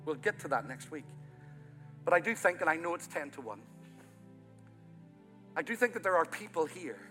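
A man from Ireland, the pastor of the church, preaching a sermon that swells loud in places and then falls to a quiet, intimate tone. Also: fairly high pitch, very animated, moderate pace. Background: soft music from the church band.

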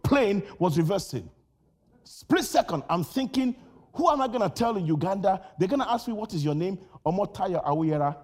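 In this sermon, a Nigerian-born man's preaching builds in intensity as he shouts, repeats phrases, and tells lively personal anecdotes. The pitch sits high, and his speed is normal.

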